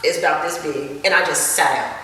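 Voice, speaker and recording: A woman, a podcast guest telling her story in lively, emphatic casual chat. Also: sits low, fairly quick, slight background noise. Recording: echoey room, distant mic.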